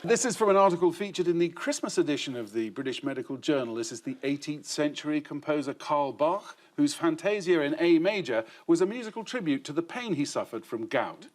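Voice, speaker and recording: A man hosts a comedy quiz in a television studio, his slightly high voice rising and falling widely as he delivers wry set-up jokes. The recording carries a clear layer of background noise. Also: very animated, a little fast, hardly any pauses. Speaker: quiz show host. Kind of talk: scripted quiz hosting with punchline jokes.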